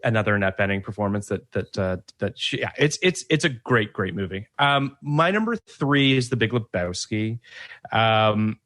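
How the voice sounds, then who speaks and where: A man's voice: lowish voice, lively intonation, moderate pace, a bit bright. Man, podcast host, casual film talk, chatty, laughs along.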